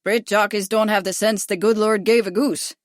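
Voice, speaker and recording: A woman's voice: medium pitch, fairly even intonation, moderate pace, no room sound, clean studio sound, lightly acted. A woman voicing a brash, boastful young male jockey with a drawling American Midwestern accent in a storybook reading. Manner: drawling, belligerent.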